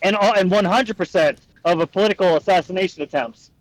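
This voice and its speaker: A young man with a fairly high voice talks politics on a casual podcast. He hedges and restarts his sentences a lot, earnest in tone. The recording is close and dry, with no room sound. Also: quick pace, no echo, low-quality recording. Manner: earnest, hedging with many restarts. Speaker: podcast co-host.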